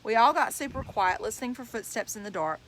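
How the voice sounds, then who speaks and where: A woman's voice: on the high side, lively intonation, fast, fairly bright tone, slight background noise. A woman reading a novel aloud, telling it in plain first-person storytelling. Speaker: reader.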